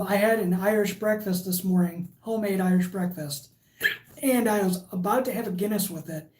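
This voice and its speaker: A woman's voice: medium pitch, warm tone. A woman hosting a casual livestream, reading viewer comments aloud and chatting in a rambling way. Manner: chatty and rambling, with frequent fillers. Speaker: livestream host.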